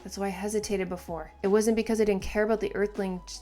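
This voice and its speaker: A woman reading aloud the calm, measured lines of an earnest young alien man, in a voice close to her own. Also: mid-range voice, soft background music, close to an everyday voice.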